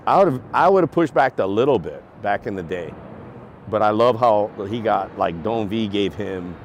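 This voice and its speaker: A man with a lowish voice tells a story in loose, rambling casual talk. He acts out other people's words with laughs as he goes. Faint traffic noise hums outdoors behind him. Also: expressive, moderate pace. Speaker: cigar and beer reviewer.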